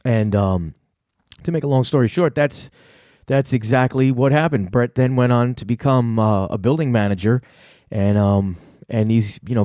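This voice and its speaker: A man's voice: lowish voice, mellow, no echo, clean studio sound. A middle-aged man, hosting a comedy show and telling a rambling, profane story full of fillers. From New York City. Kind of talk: casual storytelling.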